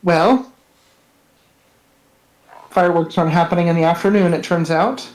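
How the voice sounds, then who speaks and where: Hesitant man with a higher voice. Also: normal speed, poor audio. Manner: hesitant, many ums. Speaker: player. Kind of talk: casual tabletop play online.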